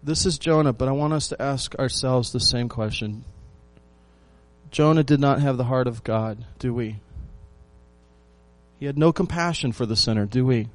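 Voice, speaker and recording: A man preaching a sermon, asking his listeners rhetorical questions and repeating phrases for emphasis, swinging between loud lines and hushed ones. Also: medium pitch. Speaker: pastor.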